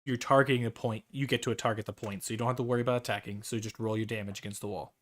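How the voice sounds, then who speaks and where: A man's voice: on the low side, fairly even intonation, a bit bright. Casual, rambling male game master. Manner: loose, halting narration full of fillers and restarts. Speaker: dungeon master. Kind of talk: narrating a tabletop game.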